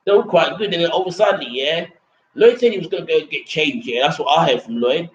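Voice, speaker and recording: A man's voice: a little high, quick pace. A young man rambling casually about a trip. He repeats himself, keeps restarting sentences and swears casually. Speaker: vlogger reviewing a trip. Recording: roomy, dull lo-fi sound with faint background noise.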